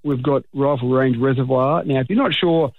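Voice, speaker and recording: A man's voice: mid-range voice, normal speed, dry recording. A man with an Australian accent, a mayor chatting casually on a radio show by phone, joking and poking fun at himself. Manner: jokey, chatty, self-mocking. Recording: tinny phone line.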